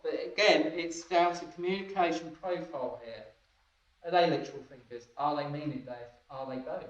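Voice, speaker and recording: Guy running a training session, keeps asking if you follow, dull distant echoey recording. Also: on the high side. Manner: keeps asking listeners if they follow, laughs often. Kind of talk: training talk to a group.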